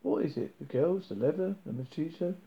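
A man voicing Ford, a quick-witted man who needles his captor with probing, mocking questions. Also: fairly high pitch, animated, creaky. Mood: needling. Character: quick-witted, scheming alien traveller Ford, adult man. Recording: dull lo-fi recording.

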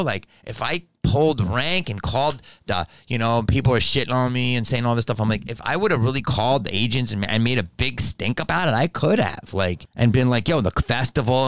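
A man hosting a podcast, telling a story in an animated, profane way and acting out both sides of a quarrel. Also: fairly low pitch, dry recording. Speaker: podcast host. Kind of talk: comedic storytelling.

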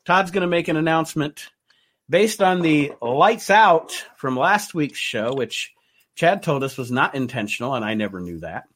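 A man's voice: fairly high pitch, animated, moderate pace, fairly bright tone. A man hosting a casual chat show, who laughs often and announces news. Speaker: podcast host.

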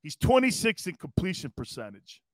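Brash jokey sports-talk host, high voice. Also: male voice, wildly swooping pitch, normal speed, no echo. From East Coast US. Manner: brash, jokey, reads chat comments aloud and laughs often. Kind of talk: casual sports radio talk.

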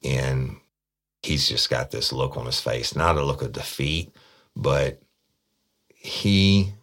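Very deep-voiced man telling a story. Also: slow pace, a bit bright. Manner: profane, blunt, repeats words. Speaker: police detective. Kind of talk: casual storytelling.

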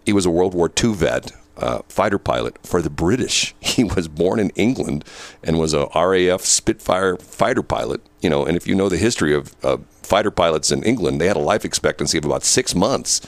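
Older man, deep gravelly voice, lively pitch, dry close studio mic, rambling radio storyteller. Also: no echo. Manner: storytelling, boisterous, repeats words. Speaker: radio show host. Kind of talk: casual morning radio banter. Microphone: studio microphone.

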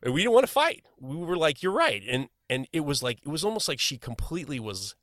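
A middle-aged man with a bright, forceful voice tells a rambling story in casual chat. He stammers and restarts as he goes, animated throughout. The sound is dry and close. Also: a little high, fast, dry recording.

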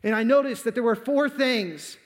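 Guy preaching, high voice, big dramatic storytelling, long church reverb. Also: normal speed. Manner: dramatic, acts out quoted dialogue. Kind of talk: sermon storytelling.

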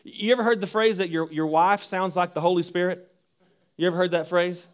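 Man, pastor, sermon, fairly high voice, repeats and restarts, slow scripture reading. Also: smooth. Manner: animated preaching with repeated words and restarts.

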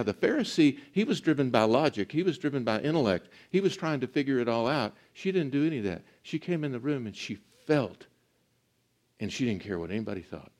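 A man preaching a sermon in an earnest, emphatic teaching manner. He slows down to stress words and drops to a soft voice at times. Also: mid-range voice. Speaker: pastor.

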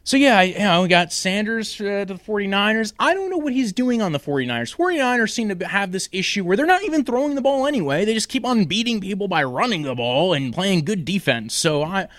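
A young man hosts a casual fantasy football show, rambling through trades with jokes, fillers and tangents. His voice sits a bit high for a man. The sound is close and dry, with no room in it. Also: sing-song, quick pace, hardly any pauses, a bit bright, dry recording. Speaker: sports podcast host.

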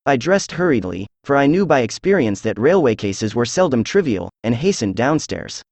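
A computer-generated man reads a classic story aloud in a steady, even voice. His pitch sits in the middle range, and the sound is close and dry with no room around it. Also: normal speed, creaky, dry recording. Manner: even, steady synthetic reading. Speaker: audiobook narrator. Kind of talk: scripted narration.

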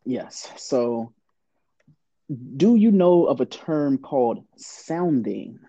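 A man co-hosts a casual podcast, hesitant and often trailing off mid-sentence, breaking into laughter. His voice is mellow and a little raspy. It comes through a dull, lo-fi recording. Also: mid-range voice, big pitch swings, very slow, no room sound. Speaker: podcast co-host.

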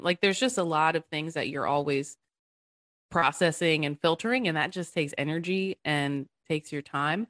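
A woman's voice: low voice, moderate pace, fairly bright tone, no room sound. A woman in her thirties, a podcast guest talking earnestly and animatedly, laughing easily. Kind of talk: casual conversation.

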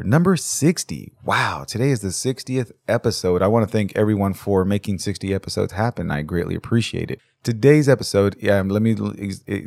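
A man's voice: fairly low pitch, creaky, a little mellow, dry recording. A man hosting a true-crime podcast, talking casually, swearing a lot and stumbling over his words. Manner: rambling, profane, stammers and restarts. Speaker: podcast host.

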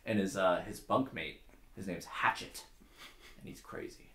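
A young man hosts a podcast, speaking casually in a low, unhurried, slightly bright voice as he tells a long joke, loose and swearing. The room is echoey.

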